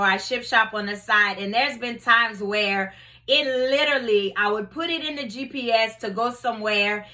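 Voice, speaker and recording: A woman's voice: on the high side, pushed and bright. A woman hosting her own faith talk show, reading scripture and telling everyday stories in a conversational way. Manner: conversational, storytelling, many "you know"s. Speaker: host.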